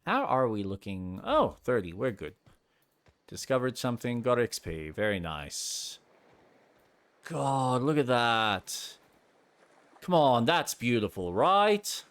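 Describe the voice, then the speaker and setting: A man's voice: medium pitch, very animated, slow, long pauses, fairly bright tone. A man giving casual, rambling commentary while playing a game. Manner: chatty, rambling, reacts aloud to the game. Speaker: gameplay streamer. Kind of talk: casual commentary over gameplay.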